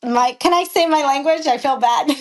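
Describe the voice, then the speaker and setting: Brief: young woman, high voice, brash storyteller, raises her voice to act out quotes, cusses freely. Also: moderate pace. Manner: animated, profane, acts out quotes with raised voice. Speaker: professional jockey, podcast guest. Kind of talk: casual storytelling interview.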